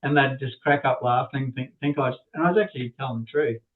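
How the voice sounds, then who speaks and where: A man's voice: mid-range voice, fairly even intonation, quick pace. A man, an inventor and podcast guest, telling a rambling story with many restarts and little laughs. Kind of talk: casual storytelling. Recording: tinny phone-like line.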